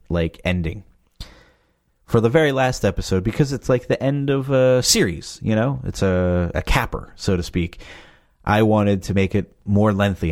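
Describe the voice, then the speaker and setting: Low-voiced man chatting casually. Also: a little mellow. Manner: rambling, loose and chatty, full of fillers like "you know". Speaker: podcast creator. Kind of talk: casual chat.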